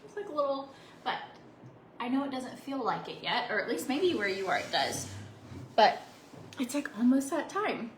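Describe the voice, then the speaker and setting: A woman's voice: a little high, big pitch swings, moderate pace, pauses often, slight background noise. A woman in her thirties vlogging from her home office, chatting casually and bubbly with frequent laughs and rambling asides. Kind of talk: casual chat to camera. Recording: echoey room with faint background ambience.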